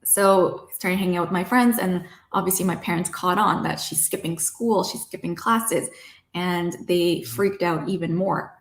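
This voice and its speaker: A woman's voice: on the low side, moderate pace, roomy sound. Young Canadian woman telling her story. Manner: lively, quotes herself and her parents in animated voices. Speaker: guest. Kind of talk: personal storytelling.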